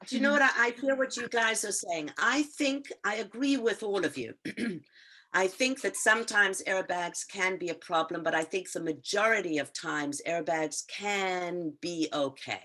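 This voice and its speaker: A woman's voice: medium pitch, normal speed, sharp tone. A woman teacher in an online writing class, encouraging her students and explaining step by step with some fillers, heard over a video call.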